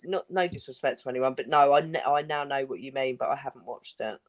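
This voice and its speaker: A woman's voice: very deep voice, fast talker, no room sound. A woman co-hosting a casual chat, reacting with amused laughter and questions. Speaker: co-host.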